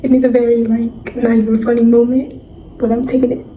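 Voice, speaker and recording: A young woman chatting excitedly in a reading vlog, gushing and filling her talk with "like.". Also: fairly high pitch, narrow, tinny audio. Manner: excitable, gushing, drawn-out "like" fillers. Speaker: book vlogger. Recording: echoey room, faint background noise.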